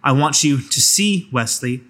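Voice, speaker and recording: A man's voice: mid-range voice, expressive, measured pace, a bit bright, slightly rough, voice pushed up. A man voicing a stern, wounded husband who speaks theatrically and bitterly in a tabletop role-play.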